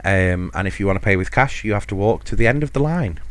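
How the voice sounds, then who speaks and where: A man's voice: lowish voice, expressive, fast, a bit bright, no echo. A man hosting a podcast alone, telling a rambling, self-mocking holiday story with frequent chuckles. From United Kingdom. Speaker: podcast host. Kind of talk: casual solo storytelling.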